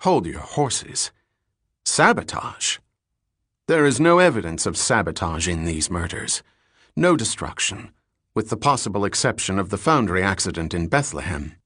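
A man voicing a cool, skeptical male detective who speaks curtly and with measured firmness in an audiobook reading. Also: sits low, very animated, fairly bright tone, slightly rough, dry recording, clean studio sound, heavily acted. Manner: curt, measured.

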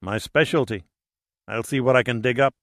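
Man voicing a measured, uneasy male diver. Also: medium pitch, a bit bright, no echo, studio quality, close to an everyday voice. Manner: measured, edged with anxiety. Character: measured, slightly anxious male diver partner.

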